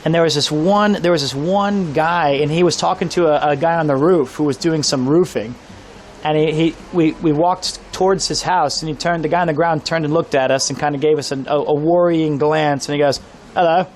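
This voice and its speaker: Excitable streamer man from Kansas. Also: a little high, fairly quick, slight background noise. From Kansas, USA. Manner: excitable, swears freely, animated storyteller. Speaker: IRL streamer. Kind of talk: casual live stream storytelling. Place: outdoors on a town street by a pub.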